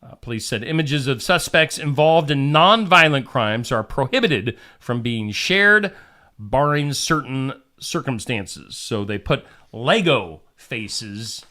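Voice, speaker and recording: A man's voice: medium pitch, animated, takes it slowly, bright, forceful tone. A man hosting a casual show, reading odd news stories and joking with his co-host. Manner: jokey, puts on silly voices while reading.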